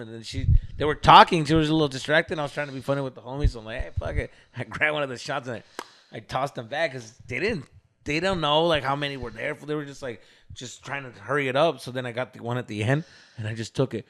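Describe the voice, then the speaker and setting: A man, co-hosting a podcast and telling a story in casual, animated chat, swearing and mimicking others. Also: medium pitch. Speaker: podcast co-host.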